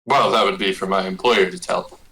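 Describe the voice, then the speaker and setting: A man's voice: low-pitched, fairly even intonation, a little fast, pushed and bright, low-quality recording. A man playing his character in a tabletop game, hesitant and evasive, with many fillers. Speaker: player.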